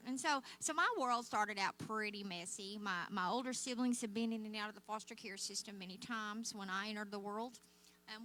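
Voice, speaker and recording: Older Southern woman with bright twang. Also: mid-range voice, a little hiss or hum. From Oklahoma, USA. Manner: warm folksy storytelling, frequent laughs and fillers. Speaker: guest speaker. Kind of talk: testimony talk to a church audience.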